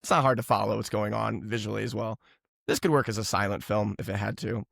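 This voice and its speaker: A man's voice: lowish voice, fast, creaky, fairly bright tone, no room sound, studio quality. A man co-hosting a movie podcast, rambling in a casual chat and laughing often. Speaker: podcast co-host.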